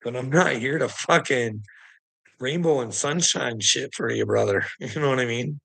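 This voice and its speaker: A man's voice: mid-range voice, moderate pace, creaky, fairly bright tone, low-quality recording. A man streamer giving a rambling, profane, exasperated rant to his viewers in a casual livestream.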